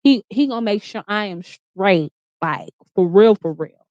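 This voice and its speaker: A woman's voice: medium pitch, lively intonation, a little slow, a little mellow, no room sound. A woman vlogger in her bedroom telling a personal story in casual, candid, profane speech, full of "like" and restarts. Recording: dry, slightly dull lo-fi sound.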